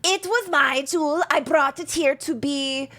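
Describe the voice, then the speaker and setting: A woman voicing an angry, gruff male duergar merchant who curses indignantly. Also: high voice, measured pace, bright, forceful tone, voice pushed up, exaggerated voice. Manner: cursing, indignant.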